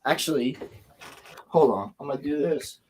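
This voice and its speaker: A young man hosting a livestream from home, telling a story in an excited, rambling way with casual swearing. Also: on the high side, moderate pace, breathy edge. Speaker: livestream host. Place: home, building Lego on stream.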